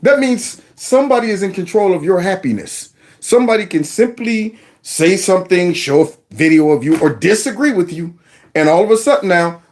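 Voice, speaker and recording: Animated, sarcastic male commentary host. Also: sits high, normal speed. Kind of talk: mocking video commentary.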